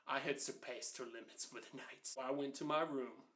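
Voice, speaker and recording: A man in his twenties telling a comedic childhood story in an animated, conversational way, with quick asides to the listener. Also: medium pitch. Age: 20s.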